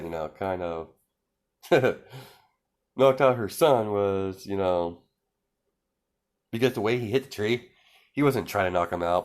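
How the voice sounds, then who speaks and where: A man spins an improvised fan story in a loose, rambling way, full of ums and restarts. His voice sits very low and deep. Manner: rambling, many fillers and restarts.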